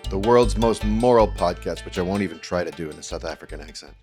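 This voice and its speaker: A man co-hosting a podcast in casual chat, tossing out dry, deadpan jokes. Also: low-pitched, quick pace, soft background music. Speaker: podcast co-host.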